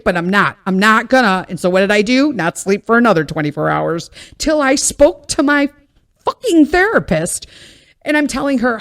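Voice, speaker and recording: Blunt, swearing woman podcaster, lively pitch. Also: moderate pace. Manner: blunt and profane, vents with frequent swearing; wry and self-mocking, laughs at herself. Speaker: podcast host. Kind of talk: casual storytelling monologue.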